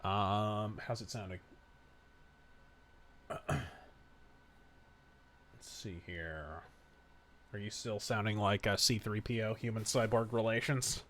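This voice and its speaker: A man hosting a casual live game stream, loud and profane, breaking into excited yells while he plays. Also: lowish voice, slow, long pauses, slight background noise. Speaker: stream host.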